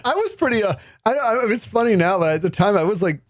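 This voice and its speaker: A man's voice: sits high, expressive, quick pace, dry recording, clean studio sound. A man co-hosting a podcast, telling a shared story in a playful, laughing way. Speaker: podcast co-host. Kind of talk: casual storytelling chat.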